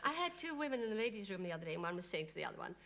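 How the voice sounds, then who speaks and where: A woman guest on a TV chat show, telling animated anecdotes and laughing often. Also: mid-range voice, rapid-fire, vocal fry, slight background noise. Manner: giggly, animated storytelling with frequent laughs. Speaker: guest impressionist. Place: TV studio.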